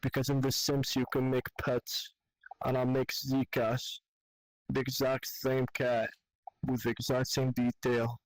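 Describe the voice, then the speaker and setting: Flat-voiced young man telling a candid story. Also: mid-range voice, no room sound, poor audio. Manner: candid, profane, halting. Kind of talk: emotional personal storytelling. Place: online voice chat in a virtual world.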